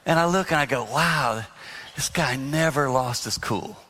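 A man giving a live marriage talk to an audience, speaking emphatically and dropping to a hushed voice when he quotes himself. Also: medium pitch, measured pace, long reverb tail, slight background noise. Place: hall with audience.

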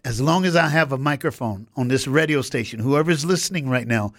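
A man's voice: mid-range voice, fairly bright tone, no echo. An American man, a motivational speaker, telling stories with acted-out quotes in a radio studio interview. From United States. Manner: fast, emphatic storytelling with acted-out quotes.

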